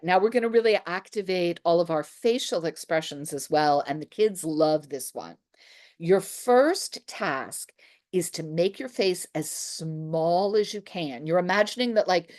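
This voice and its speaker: A woman theatre teacher leading a workshop, calling out crisp exaggerated articulation drills for the group to repeat. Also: lowish voice, expressive, normal speed, a little mellow. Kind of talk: workshop instruction with call and response.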